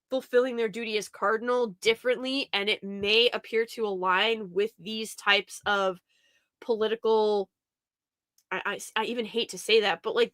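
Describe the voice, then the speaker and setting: Bright, animated young-sounding woman host. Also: a little high, dry recording. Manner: animated, quotes others in mock voices, frequent "like" fillers. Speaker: podcast host. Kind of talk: casual chat.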